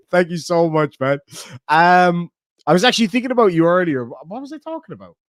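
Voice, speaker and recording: An Irish livestreamer chats casually and reads donation messages aloud, cursing freely, bantering and laughing between lines. His high voice is expressive and brisk, swooping up and down with plenty of life. The sound is dry and close, without room echo.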